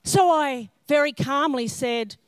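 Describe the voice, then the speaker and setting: A woman's voice: high-pitched, takes it slowly, no room sound. A middle-aged woman preaching a sermon, telling self-mocking stories and acting out the scenes. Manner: self-mocking humorous storytelling; animated, acts out scenes in character. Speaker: pastor.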